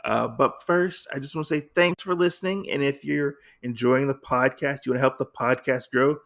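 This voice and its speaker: A man's voice: mid-range voice, normal speed, gravelly, a bit bright. A man hosting a podcast who casually recaps a comic story in a rambling way, with lots of fillers. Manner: rambling, filler-heavy retelling. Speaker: podcast host.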